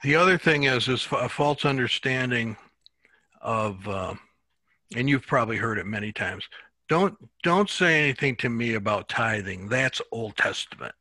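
Man, bible teacher, bright tone, dry close sound, halting, repeats himself. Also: medium pitch, expressive, no echo. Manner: unhurried, halting, repeats words while thinking. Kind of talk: classroom Bible lesson.

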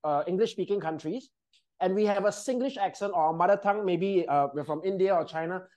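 A woman's voice: fairly low pitch, brisk, warm tone. Upbeat woman trainer coaching. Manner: upbeat, instructive, checks in with "okay?" and "right?". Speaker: voice and presentation trainer. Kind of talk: live workshop coaching. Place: training room with a group.

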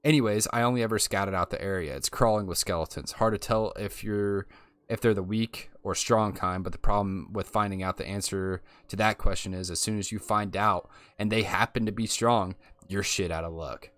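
Guy reading a cocky old-hand tech hunter lady from a game, lowish voice, dry sound. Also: steady tone, normal speed, fairly bright tone, dry recording, close to an everyday voice. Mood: boastful. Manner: plainly reading game dialogue aloud. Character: gruff retired woman tech hunter, boastful.

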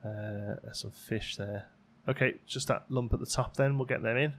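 A man's voice: medium pitch, fairly even intonation, moderate pace, fairly bright tone. A man hosting a let's play, chatting casually as he plays and talking to his game characters. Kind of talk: casual gameplay commentary. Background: faint game music.

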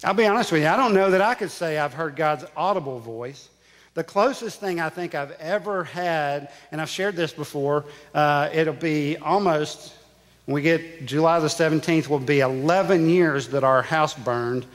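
A man's voice: on the high side, moderate pace. A male pastor preaching a sermon, telling a personal story with emphatic repetition. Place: church sanctuary. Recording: church sanctuary with long reverb.

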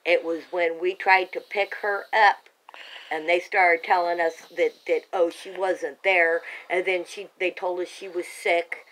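A woman's voice: on the low side, flat delivery, measured pace, a bit bright, rough recording. Agitated woman rambling to a home camera. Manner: agitated, insistent, full of restarts. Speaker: parent telling her own account. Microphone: home camera held by a family member.

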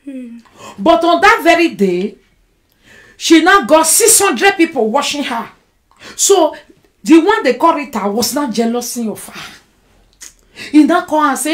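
A Nigerian woman chatting on a live stream from her home, her voice sitting a little high. She is animated and combative as she answers the comments one by one. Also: measured pace, pauses often. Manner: animated, argumentative, reads and answers viewer comments. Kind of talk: casual live-stream chat.

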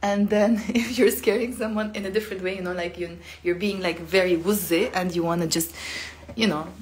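A woman's voice: fairly low pitch, steady tone, a little fast, slight background noise. A woman giving a casual live-stream language lesson, chatty and full of fillers, acting out the sounds she teaches. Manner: chatty, filler-heavy, demonstrates sounds expressively.

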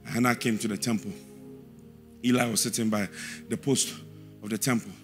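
A man with a Ghanaian English accent preaching a sermon in a church, repeating verse references and swinging from quiet asides to shouted, sing-song emphasis. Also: medium pitch, level tone, moderate pace, soft background music.

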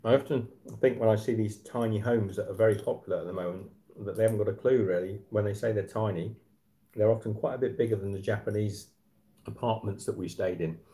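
A man's voice: lowish voice, fast talker, dark tone. A man, hosting a casual live stream from his apartment and chatting with viewers, rambling with fillers and restarts. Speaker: livestream host. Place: apartment at night.

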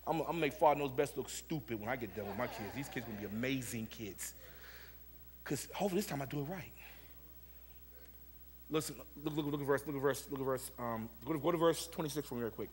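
A middle-aged male pastor preaching a Sunday sermon in a church, repeating words and moving from low musing to shouted preaching. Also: lively intonation, quick pace, a little hiss or hum. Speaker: senior pastor. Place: church sanctuary.

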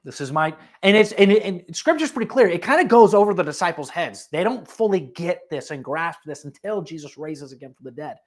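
Preacher, sermon in church, animated and chatty, asks listeners straight out. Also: medium pitch, a little fast, hardly any pauses. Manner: conversational and animated, with asides and direct questions to listeners.

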